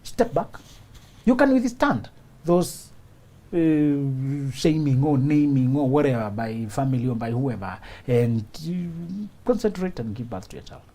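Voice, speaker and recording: Man, relationship talk show host, husky, lively pitch, laughing, preachy repetition. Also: unhurried. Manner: laughs often, acts out little scenes; preachy, repeats points for emphasis. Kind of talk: studio advice talk.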